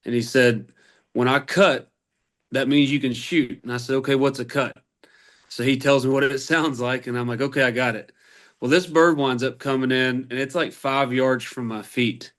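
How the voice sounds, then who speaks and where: A man's voice: mid-range voice, moderate pace. Rambling man telling hunting stories. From Arkansas. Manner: rambling, animated anecdotes. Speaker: podcast guest, turkey hunter. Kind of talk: casual storytelling.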